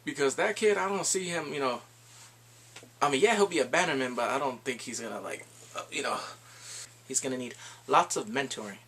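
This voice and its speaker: A man giving an excited, casual recap of a TV episode, exclaiming and acting out his own reactions. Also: medium pitch, a little fast, long pauses, slightly rough. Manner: animated, exclaims and acts out reactions. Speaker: TV episode reviewer.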